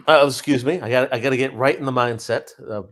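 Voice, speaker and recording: A man's voice: mid-range voice, lively intonation, a little fast. A man in casual stream chat, playful and theatrical.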